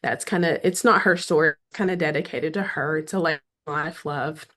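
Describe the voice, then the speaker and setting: Guest author: middle-aged Southern woman, lowish voice, chatty and animated, voices others' lines, clears her throat now and then. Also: normal speed. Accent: Southern American. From American South. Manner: animated, acts out quoted dialogue, frequent throat clearing. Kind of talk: casual storytelling interview.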